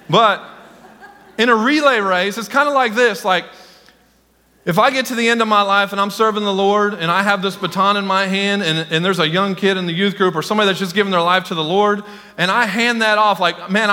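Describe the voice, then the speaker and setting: A senior pastor, excitable and male, preaches to his congregation in a high, bright voice. He speaks directly to people in the pews, calling on them and repeatedly getting carried away. The church sanctuary gives the sound a long, ringing reverb.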